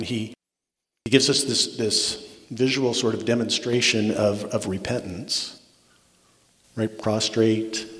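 A man delivers a sermon in a low, earnest voice, circling back on his words and tossing in "right?" as he goes. His voice rings out with the long reverb of a large hall. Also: fairly bright tone. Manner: earnest, repeats words and restarts, asks "right?" often. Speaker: pastor.

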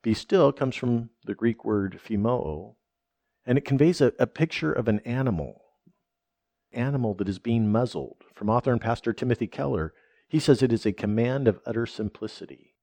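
A male preacher with a gravelly edge in his mid-pitched voice, delivering a sermon in an emphatic, conversational way. He often checks in with "right?" and stumbles over a word before pressing on. The sound is close and dry, with no room around it. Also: animated, normal speed, mellow, no echo. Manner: emphatic, repeats "right?" and restarts words.

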